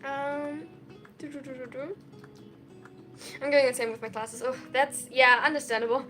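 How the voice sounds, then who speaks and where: A young woman chatting casually on a live stream, reading and answering chat messages in an excitable, tired way from a small dorm room. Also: high voice. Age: young adult. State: sleep-deprived, tired.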